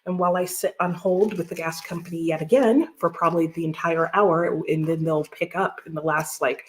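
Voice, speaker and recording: A woman with a fairly low-pitched voice chats casually on a live stream. She laughs often and talks easily, breaking off to greet viewers and answer the chat. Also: fairly even intonation, a little fast, slight background noise. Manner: chatty, laughs often, reads chat aloud. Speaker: livestream host.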